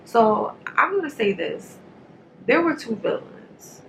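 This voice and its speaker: A woman's voice: fairly high pitch, takes it slowly, creaky, slight background noise, rough recording. A woman giving a casual, rambling movie review straight to camera. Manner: chatty, rambling, animated.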